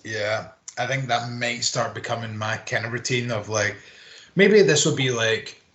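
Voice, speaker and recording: In a casual podcast chat, this co-host rants with plenty of swearing and mocking put-on quotes. His voice sits mid-range and a bit bright, his pace measured, and the recording carries a roomy echo.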